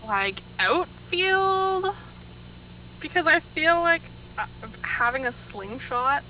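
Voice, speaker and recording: Female player, bright voice, lively pitch, faint hiss. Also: takes it slowly, dull audio. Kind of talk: casual tabletop chat.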